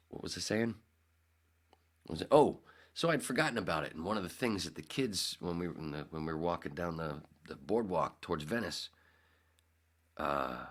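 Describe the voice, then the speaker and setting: Very deep-voiced rambling male podcast host. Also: creaky, fairly bright tone. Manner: rambling, self-correcting, acts out quotes. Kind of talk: casual storytelling.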